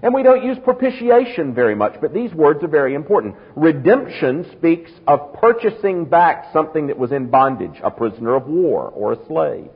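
A man's voice: a little high, very animated, normal speed, hardly any pauses, breathy edge. A man preaching a sermon, emphatic, drawing out key words and speeding through asides. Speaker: pastor. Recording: muffled sound with long hall reverb.

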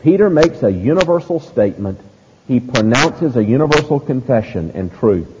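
A man preaching an expository sermon at a middle pitch, leaning hard on key phrases and slowing down for weight. His voice rings out with a long, hall-like echo in what sounds like a large church. A steady, heavy hiss sits under every word. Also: highs cut off. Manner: emphatic, deliberate preaching. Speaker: pastor.

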